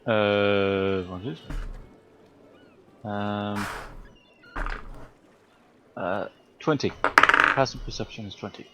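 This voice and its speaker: A man playing a tabletop game, halting and thinking aloud as he decides. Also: lowish voice, over music. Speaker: player.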